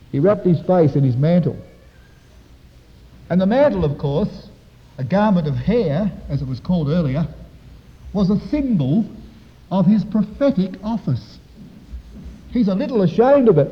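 A man preaching a sermon to his congregation, with dramatic, swelling emphasis and slow, drawn-out phrases. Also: a little high. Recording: dull echoey hall recording.

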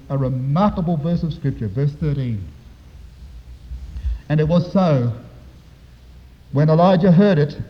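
A man preaching a sermon to his congregation, with dramatic, swelling emphasis and slow, drawn-out phrases. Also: fairly high pitch. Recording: dull echoey hall recording.

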